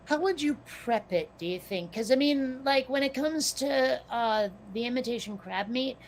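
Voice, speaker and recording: A woman chatting casually as a podcast co-host, slightly hoarse from losing her voice, musing and questioning herself as she talks. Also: high-pitched, moderate pace, slight background noise. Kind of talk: casual chat.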